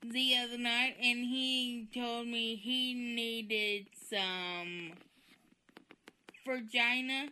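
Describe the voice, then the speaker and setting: A woman's voice: a little high, steady tone, drawn-out words, hardly any pauses, bright, forceful tone, a little hiss or hum. A woman lecturing in a short social media clip, preachy and scolding. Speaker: TikTok creator.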